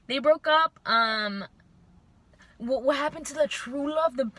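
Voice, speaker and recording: Bright-voiced young woman venting to camera. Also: sits high, measured pace. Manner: frustrated, venting, animated. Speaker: vlogger. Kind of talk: storytime rant to camera.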